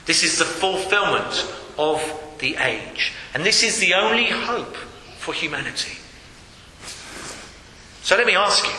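A man delivers a sermon in a high, piercing voice that rises and falls dramatically. He speaks slowly and hammers his key phrases through repetition. The hall around him rings with a long reverb, with faint noise underneath. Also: expressive, sharp tone. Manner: emphatic, repeats key phrases. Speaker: preacher. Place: church hall.

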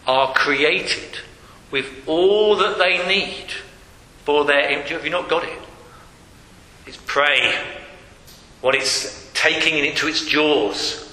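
A man's voice: on the high side, takes it slowly, pauses often, sharp tone. A man preaching a sermon in a church hall, earnest and repeating key phrases for emphasis. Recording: echoey hall with long reverb.

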